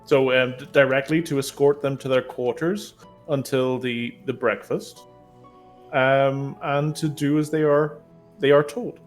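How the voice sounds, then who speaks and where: A man's voice: medium pitch, fairly even intonation, unhurried, faint music behind, close to an everyday voice. A man playing a haughty male noble lord of a great house, speaking formally with hesitant ums. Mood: aloof.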